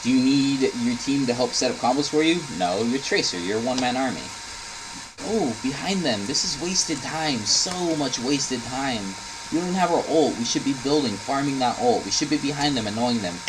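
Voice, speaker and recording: A man's voice: mid-range voice, expressive, a little fast, noisy background. A man coaching a player by reviewing gameplay footage, blunt and instructive, repeating his advice and swearing now and then, sounding tired. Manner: swears in frustration. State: tired, yawning. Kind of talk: coaching commentary over gameplay.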